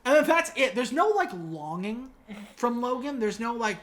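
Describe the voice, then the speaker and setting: A woman's voice: on the high side, very animated, normal speed. A woman podcast host recapping a movie in casual chat, wry and sarcastic, with lots of filler words.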